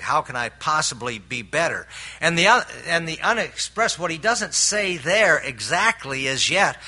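An older man preaches with a very bright, forceful voice pitched a little above the usual. He talks earnestly, breaking into homely stories and often restarting his sentences. He builds to emphatic points. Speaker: pastor. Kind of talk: sermon.

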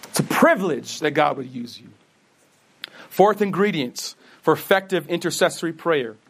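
A man's voice: fairly high pitch, animated, normal speed, husky. A man preaching a sermon, earnest, posing questions and answering them himself, who says he stutters and often restarts words. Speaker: pastor.

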